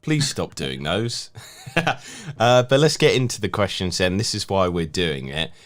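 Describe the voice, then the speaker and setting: Low-voiced man hosting a casual stream. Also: a little slow. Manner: relaxed, chatty, laughs easily. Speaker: stream host reading viewer questions. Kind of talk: casual live-stream chat. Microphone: video call.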